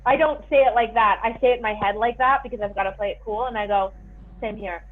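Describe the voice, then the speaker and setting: A woman playing a tabletop horror game, eager and excitable, heard over a tinny call line. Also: a little high, quick pace, faint music behind. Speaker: player. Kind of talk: casual tabletop play. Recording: tinny phone-like call audio.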